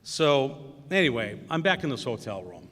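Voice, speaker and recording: Speaking at normal speed in a mid-range, sing-song voice with a fairly bright tone, a middle-aged Wisconsin man delivers a commencement address. He leans on self-deprecating stories and lots of fillers, and the ceremony hall echoes around him.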